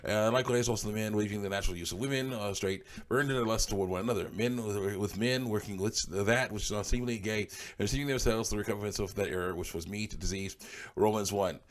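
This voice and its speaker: An online commentator with a lowish male voice talks fast as he reads comments out loud. He fires back blunt, dismissive replies and chuckles frequently between remarks.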